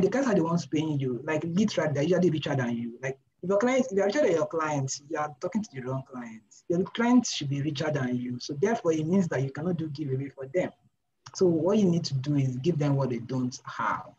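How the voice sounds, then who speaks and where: A man's voice: fairly high pitch, darkish tone. A young man coaches freelance designers in a loose, informal session. He hammers his points home, repeating phrases and firing off rhetorical questions at his listeners. The recording sounds slightly dull and lo-fi, with faint noise underneath. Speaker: design mentor. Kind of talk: informal talk in a live review session.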